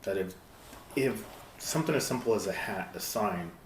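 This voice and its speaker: A man speaking as a guest in a casual podcast discussion, thoughtful and halting with frequent restarts. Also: fairly low pitch, expressive. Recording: roomy echo with faint noise.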